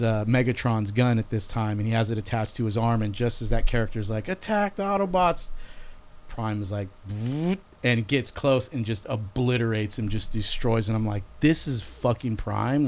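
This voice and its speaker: A man talking loosely on a podcast, his voice sitting at an ordinary middle pitch. He rambles and drops casual swears as he chats with his co-host. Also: a little mellow. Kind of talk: casual chat.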